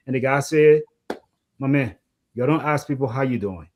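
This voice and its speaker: A man, co-hosting a casual discussion and telling lively stories. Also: mid-range voice, moderate pace, a little hiss or hum. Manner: animated storyteller, voices the people he quotes. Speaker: co-host.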